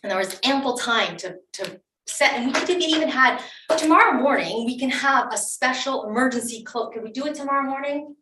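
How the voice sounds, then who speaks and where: A woman's voice: high voice, animated, fairly quick, noisy background. Insistent woman at a town meeting. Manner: emotional, insistent, with many restarts. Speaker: township committee member. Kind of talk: speaking at a public council meeting. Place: municipal meeting room. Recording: echoey room, distant mic.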